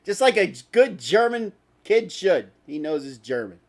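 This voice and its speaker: Brief: male host, lively swooping delivery, sarcastic profane rants. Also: high voice, moderate pace. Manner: angry, sarcastic, profane ranting. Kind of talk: ranting talk stream.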